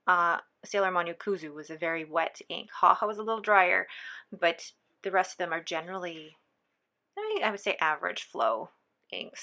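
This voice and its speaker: Woman, slightly low, chatty, enthusiastic, slips into near whispers, vlog at her desk. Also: steady tone, normal speed, pushed and bright. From born in the Philippines. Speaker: stationery vlogger. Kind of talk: casual ink swatching chat.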